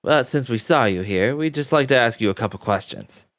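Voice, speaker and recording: A man voicing a pushy middle-aged male police detective who asks brisk, insistent questions. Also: mid-range voice, expressive, fairly bright tone, no room sound, clean studio sound, close to an everyday voice. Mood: coaxing.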